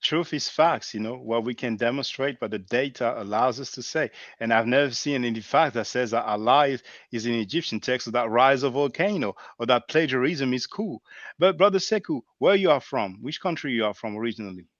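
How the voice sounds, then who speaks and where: A man's voice: medium pitch, a bit bright, dry recording. A male host interviews a guest over a video call, asking curious questions and often restarting mid-phrase. His voice is dry and close. The audio is muffled and lo-fi. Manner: inquisitive, halting restarts.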